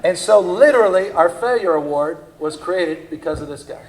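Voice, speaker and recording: A man giving a public speech at a leadership forum, telling anecdotes in an animated, emphatic way. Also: sits high, moderate pace, slight background noise, poor audio. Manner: animated storyteller, emphatic and punchy. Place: conference forum.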